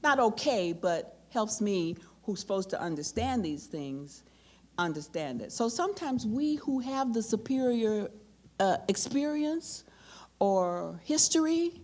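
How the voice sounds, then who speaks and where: Older woman telling an animated story. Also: fairly high pitch, unhurried. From United States. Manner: animated, with acted-out quotes. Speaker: keynote speaker. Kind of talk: storytelling Q&A answer.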